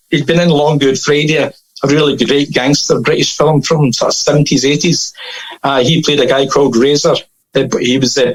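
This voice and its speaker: A Scottish man chatting as a podcast guest, telling a long anecdote in a casual, lively way and laughing at his own tale. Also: on the high side, low-quality recording.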